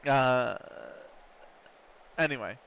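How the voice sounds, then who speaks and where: Between calling the action, a man in the US rambles casually while live-streaming a football management game. His medium-pitched voice is extremely slow, creaky and fairly bright, heard through dull lo-fi audio with slight background noise.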